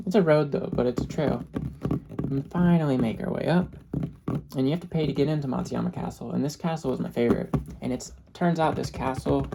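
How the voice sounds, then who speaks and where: An ASMR creator tells a travel story in a casual, chatty way, laughing often and slipping in short Japanese phrases. The voice is medium-pitched with vocal fry, and there's background noise.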